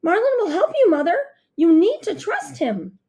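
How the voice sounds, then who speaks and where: A woman's voice: extremely high pitch, huge pitch swings, normal speed, warm tone, voice pushed up, exaggerated voice. A woman voicing a brave young noble girl, earnest and pleading.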